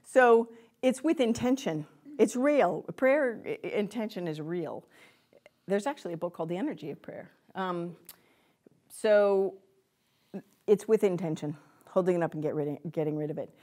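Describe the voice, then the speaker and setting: A woman's voice: lowish voice, normal speed, pauses often. Chatty woman leading a spiritual workshop. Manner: chatty, rambling, with many fillers and self-interruptions; laughs often, lively when she acts out quotes. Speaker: lecturer on empaths. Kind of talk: informal spiritual workshop talk. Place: room with a live audience.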